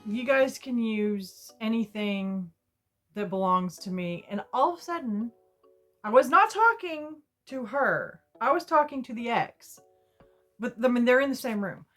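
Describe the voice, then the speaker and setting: A woman's voice: on the high side, animated, measured pace, a bit bright, soft background music. Chatty woman vlogger telling a story. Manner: rambling, chatty retelling with asides. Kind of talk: casual storytime.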